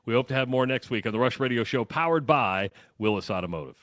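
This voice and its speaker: A man's voice: mid-range voice, animated, fast talker. A man in his fifties co-hosting a sports radio show, chatting in a reflective, fatherly way. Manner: reflective, fatherly, rambling with restarts. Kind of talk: casual sports radio chat.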